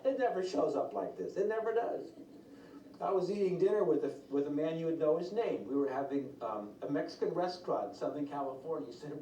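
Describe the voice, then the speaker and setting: A man's voice: a little high, brisk. A man preaching a sermon from a distance in a roomy, echoing space. He tells stories and acts out the people he quotes, with a faint hiss behind him. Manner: storytelling, quotes others in lively changing voices. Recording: roomy echo, from far off the mic, faint noise.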